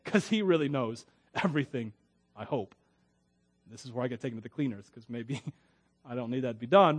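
Man, pastor, high voice, middle-aged, casual joking sermon, laughs between lines. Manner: conversational and joking, laughs often, reads scripture aloud with emphasis.

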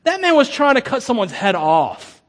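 A man preaching a sermon as a pastor, telling the story with lively humor and frequent stammering restarts. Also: extremely high pitch, moderate pace. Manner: animated, acts out quotes with humor, stammering restarts.

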